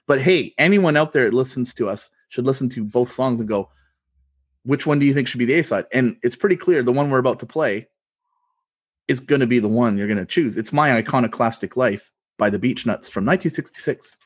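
A man's voice: mid-range voice, fairly quick, dry recording. Man hosting a music podcast, dry sound. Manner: easygoing, presenter-like lead-ins. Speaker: podcast host. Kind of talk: casual chat and song introductions.

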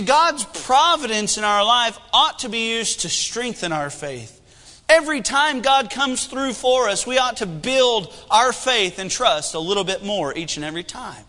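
A man in his thirties preaching a sermon with animated delivery and humor. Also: high-pitched, long reverb tail. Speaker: pastor.

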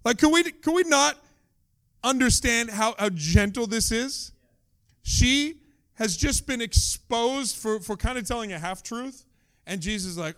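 A male pastor with a fairly high voice preaching in a relaxed, conversational way. He tells the story with humorous asides and direct questions to listeners. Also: a little slow. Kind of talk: sermon.

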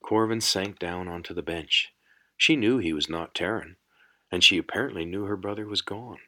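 A man narrating a fantasy audiobook in a measured, unhurried storytelling manner. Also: sits low, pushed and bright. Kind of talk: scripted narration.

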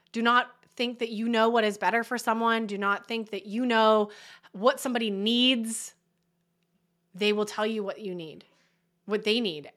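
A woman's voice: medium pitch, sharp tone. A woman hosting a solo coaching podcast, speaking earnestly and encouragingly and often checking in with the listener. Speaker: podcast host.

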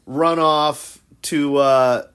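A man's voice: a little high, steady tone, drawn-out words, fairly bright tone, clear, resonant tone. A man hosting a casual podcast, recapping reality-show episodes with gossipy, sarcastic put-downs.

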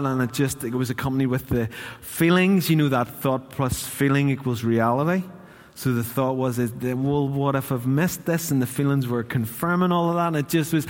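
A man's voice: medium pitch, normal speed, in a large hall. A man preaching a sermon in church, chatty and questioning his congregation. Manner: conversational, asks the congregation questions. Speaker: pastor.

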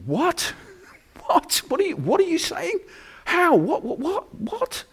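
A man's voice: huge pitch swings, normal speed, breathy edge, full character voice. A man voicing a shocked young husband-to-be, who stammers out short, disbelieving questions. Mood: incredulous. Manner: high, incredulous, stammering repeats.

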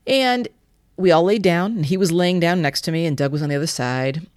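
A woman who runs a yoga studio, telling a story in an animated way on a podcast. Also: fairly low pitch, fairly quick, no room sound. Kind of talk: casual storytelling chat.

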